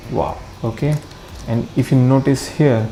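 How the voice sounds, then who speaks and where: Mellow-voiced man thinking aloud. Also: medium pitch, steady tone, unhurried, slight background noise. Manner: thinks aloud, corrects himself, mixes Hindi into English. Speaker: coding tutorial host. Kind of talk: screen-recorded coding walkthrough.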